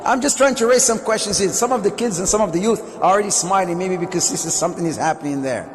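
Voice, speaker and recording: Male sheikh, fairly high voice, joking with his listeners and questioning them, lecture in an Islamic centre hall with long reverb. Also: quick pace, noisy background. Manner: jokey, asks the audience questions. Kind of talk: lively mosque lecture.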